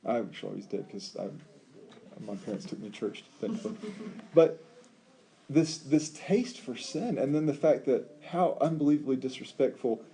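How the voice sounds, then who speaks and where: A man teaching a Bible study, talking in an animated, emphatic way with rhetorical questions and frequent ums. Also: mid-range voice, normal speed, slight background noise.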